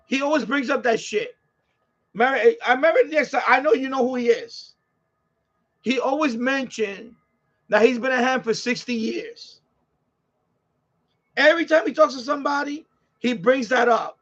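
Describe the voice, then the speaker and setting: A man's voice: very high voice, unhurried, pauses often, fairly bright tone. A man with a New York accent hosting a live stream in casual chat, ranting and rambling with plenty of swearing and repeats. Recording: slightly dull lo-fi audio.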